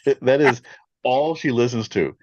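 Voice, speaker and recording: A man in his forties, a podcast co-host in casual chat, telling an animated story and laughing often. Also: mid-range voice, normal speed, no echo, muffled recording.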